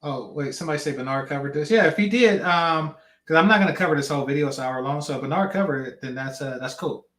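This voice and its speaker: A man's voice: on the high side, fast, a bit bright, roomy sound. A man hosting a reaction channel, giving blunt, slangy commentary on a clip.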